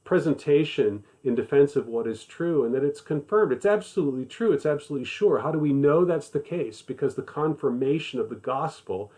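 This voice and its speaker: A man's voice: on the high side, brisk, few pauses, warm tone. A man teaching a Bible study in a conversational voice, stressing points by repeating them. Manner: conversational, emphatic repetition. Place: living in the American South.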